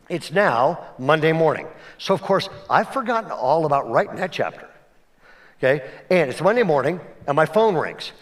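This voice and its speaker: A male pastor giving a conversational sermon, swinging between emphatic and hushed delivery and often checking in with his listeners. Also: on the high side. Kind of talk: sermon storytelling.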